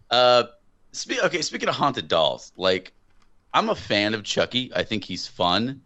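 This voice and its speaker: A young man co-hosting a casual movie review podcast, animated, swearing and laughing often. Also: mid-range voice, measured pace, highs cut off. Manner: animated, swearing, breaks into laughter and mock voices. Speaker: podcast co-host.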